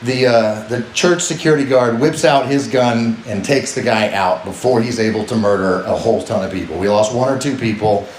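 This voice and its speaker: A man's voice: mid-range voice, normal speed, hardly any pauses, recorded from a distance. A man doing a stand-up comedy set on stage, chatting with the crowd and often checking in with "right?". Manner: conversational, asks the crowd "right?" a lot. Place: comedy club stage with live audience. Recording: roomy live venue, faint noise.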